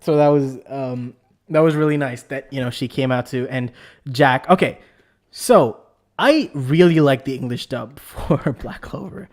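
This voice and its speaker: A man hosting a casual anime discussion, rambling and excitable with lots of fillers and restarts. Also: mid-range voice, unhurried. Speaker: podcast host.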